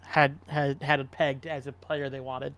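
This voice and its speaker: A man's voice: mid-range voice, little pitch movement, measured pace, a bit bright, clean tone, no room sound. A man co-hosting a casual sports podcast, rambling and opinionated with frequent restarts. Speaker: podcast co-host.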